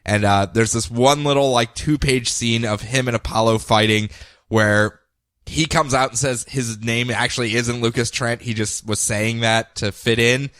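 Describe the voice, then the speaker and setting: A man chatting on a podcast about comics, his voice bright and forward. He retells plots with animated flair, slipping into quick character lines. The sound is dry and close, with no room around it. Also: mid-range voice, no echo. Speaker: podcast co-host. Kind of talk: casual comics review chat.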